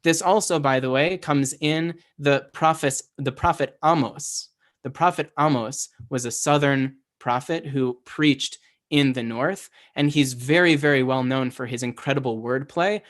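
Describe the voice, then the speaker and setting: A man's voice: mid-range voice, measured pace, a bit bright. A man giving a casual, conversational Hebrew lesson, often checking in with "right?" and restarting his sentences. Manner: conversational, self-correcting, asks "right?" often. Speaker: Hebrew teacher. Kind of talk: casual lecture.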